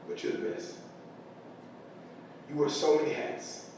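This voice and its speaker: Middle-aged man, earnest motivational speaker, distant mic with faint rumble. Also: fairly even intonation, a little slow, darkish tone. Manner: earnest, emotional storytelling. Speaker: parent speaking to school staff. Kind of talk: motivational speech. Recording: echoey large room from far off, faint rumble.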